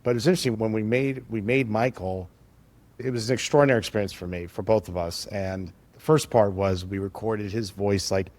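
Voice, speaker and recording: Lower-pitched man telling animated stories. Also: a little fast. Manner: animated, acts out quoted dialogue, frequent restarts. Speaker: tech entrepreneur guest. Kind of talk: conversational storytelling.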